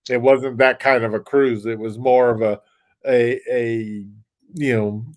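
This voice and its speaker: A man's voice: mid-range voice, steady tone, unhurried. A man talking as a guest on a livestream, rambling in a casual way with lots of restarts and small chuckles. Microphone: desk mic.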